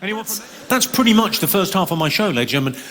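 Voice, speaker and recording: A man doing a stand-up routine on a large theatre stage, with a deadpan, quick delivery and crowd work. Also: high-pitched. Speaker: stand-up comedian. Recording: live hall recording with crowd noise.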